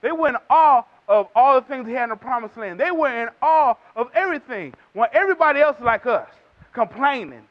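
A man's voice: very high voice, lively intonation, fairly quick. A man preaching a sermon emphatically, acting out quotes in voices, in a dull lo-fi recording.

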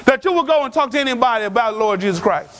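High-voiced, animated male preacher. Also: rapid-fire. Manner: animated, preachy, shouts for emphasis. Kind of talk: sermon.

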